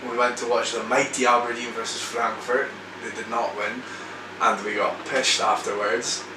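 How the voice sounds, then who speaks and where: A young man laughs his way through a crude story for a documentary. He is recorded from a distance in an echoey room, with clear background noise. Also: mid-range voice, flat delivery, moderate pace. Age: young adult. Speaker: documentary interviewee. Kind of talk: casual anecdote.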